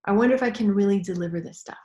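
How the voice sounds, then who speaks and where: A woman's voice: medium pitch, very fast, warm tone, echoey room, lo-fi sound. A woman business coach leading a guided tapping lesson in a casual, encouraging way, often checking in with "okay?" and "right?".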